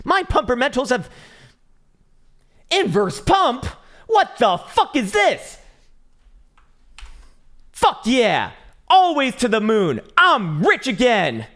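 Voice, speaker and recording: A man's voice: wildly swooping pitch, slow, long pauses, heavily acted. A man voicing a frantic male crypto bagholder who squeals and curses at the analyst. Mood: indignant. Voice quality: high strained squeal, yelling and cursing. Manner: frantic, mocking, shouty.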